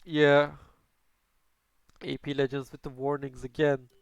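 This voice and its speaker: A man's voice: mid-range voice, little pitch movement, unhurried, muffled recording, background noise. A man giving casual, hesitant live commentary on an online racing league, thinking aloud as he goes. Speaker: race commentator. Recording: music playing behind.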